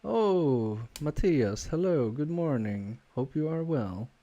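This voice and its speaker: Male repair streamer, unhurried, mellow tone, hesitant think-aloud delivery. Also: medium pitch, animated, highs cut off. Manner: hesitant, self-questioning, trails off with many fillers; quietly focused, mutters while working. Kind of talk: live-stream thinking aloud while soldering.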